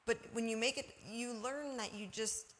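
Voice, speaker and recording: A woman's voice: fairly high pitch, steady tone, normal speed. A woman sharing everyday examples in a casual faith discussion, often asking "you know". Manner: warm storytelling with everyday examples and laughs.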